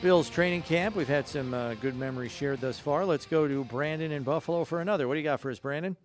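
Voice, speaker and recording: A man hosting a sports talk radio show, moving briskly through breaks and calls. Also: fairly high pitch, faint music behind. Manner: brisk, scripted segues. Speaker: radio host.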